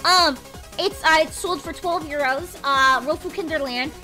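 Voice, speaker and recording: Young woman streamer, very high, bright and lively voice, rambling chat, faint music behind. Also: moderate pace. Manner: bubbly, rambling, heavy "like" and "freaking". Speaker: livestream host. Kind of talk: casual livestream chat. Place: indoors at home desk.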